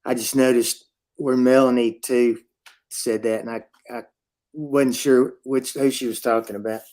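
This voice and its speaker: A man's voice: mid-range voice, little pitch movement, measured pace, a little mellow. Southern man with country twang. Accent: Southern US, East Texas. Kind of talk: casual group chat.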